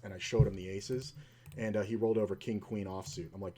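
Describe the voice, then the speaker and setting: A man's voice: fairly low pitch, steady tone, fast talker, dark tone. A man commenting on his own online poker play, swearing often and telling stories in a frustrated, ranting way. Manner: long anecdote with acted-out quotes.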